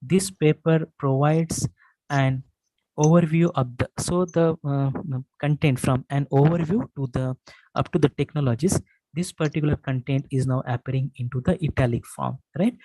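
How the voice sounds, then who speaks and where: A man instructing an online workshop, explaining step by step in a halting way with many fillers and restarts. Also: fairly high pitch, warm tone, low-quality recording. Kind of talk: screen-share tutorial lecture. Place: online session, voice from his own room.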